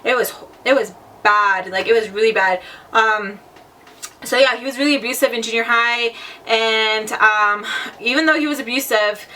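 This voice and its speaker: A woman's voice: fairly high pitch, fairly even intonation, moderate pace, bright, forceful tone, distant mic. A young woman telling her own story in a casual vlog, talking bluntly with lots of fillers and swearing. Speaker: vlogger.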